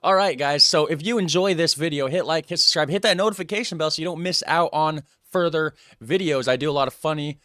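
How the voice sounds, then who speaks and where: American male reaction host, mid pitch, self-deprecating rambler, dry close mic. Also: fast talker, hardly any pauses, a bit bright, no room sound. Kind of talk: casual commentary.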